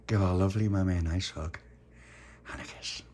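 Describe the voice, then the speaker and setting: A man telling a homemade children's bedtime story in a gentle, playful way, laughing often. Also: low voice, fairly even intonation, a little fast, a little hiss or hum.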